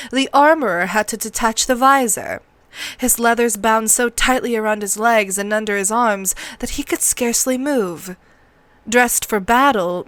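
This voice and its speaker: A woman's voice: a little high, a bit bright, dry recording. Woman reading a novel aloud, dry close sound. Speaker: narrator. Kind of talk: read-along audiobook narration.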